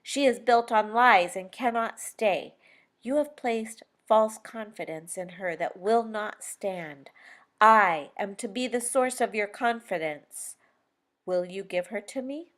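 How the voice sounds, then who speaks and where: A woman voicing a serious, gentle male Jesus figure in an audiobook, speaking gravely and earnestly. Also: medium pitch, slow pace. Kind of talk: audiobook character reading.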